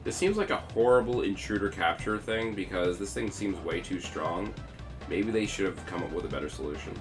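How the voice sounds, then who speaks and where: A let's-play streamer with a deep, fairly quick voice reads a video game's story text aloud with dramatic emphasis. Faint game music plays in the background.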